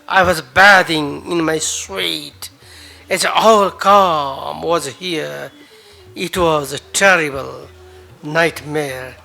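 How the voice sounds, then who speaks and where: A man with a Nepali accent reciting his own poetry at an open mic in a cafe bar, dramatic and emotive, with pauses and repeated lines. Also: fairly high pitch, creaky, sharp tone, soft background music. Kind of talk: spoken word poetry reading.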